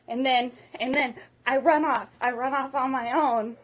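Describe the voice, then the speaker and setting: A woman's voice: high-pitched, steady tone, moderate pace. A young woman doing a comic, self-mocking retelling of a movie, acting out all the parts herself. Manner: breathless, jokey and self-mocking. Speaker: comedic solo performer.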